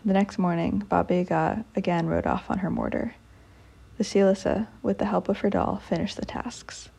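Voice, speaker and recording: A woman storyteller reads a folk tale aloud at a measured, steady pace. Her voice is dark and mellow, with a gravelly, husky texture. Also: lowish voice.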